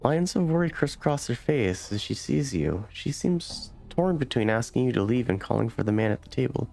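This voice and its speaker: A man's voice: medium pitch, expressive, moderate pace, gravelly, hardly any pauses, a little mellow, faint music behind. A man hosting a let's play, reading game text aloud unhurriedly, with hesitant fillers between passages.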